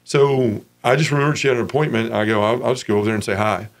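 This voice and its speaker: A man's voice: mid-range voice, quick pace, creaky. A man in his forties from Memphis, giving a frank, casual personal testimony as an interview guest.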